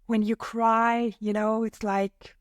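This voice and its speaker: A woman from Austria, a native German speaker, talks as a podcast guest about her own experiences in a reflective, personal conversation. Her voice is on the high side, flat and slow, recorded clean in a studio with no room sound. She is thoughtful and hesitant, using many fillers.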